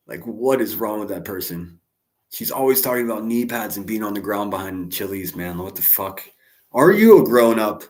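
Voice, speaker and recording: A man's voice: on the low side, expressive, normal speed. Profane, sarcastic male streamer. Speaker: streamer reacting to a clip. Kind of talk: live-stream commentary.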